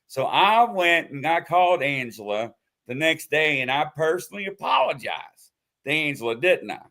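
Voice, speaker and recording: A man hosting a live show in casual chat, telling a story with loud acted-out quotes. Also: fairly high pitch, normal speed. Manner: animated storytelling, acts out quotes loudly. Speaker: host.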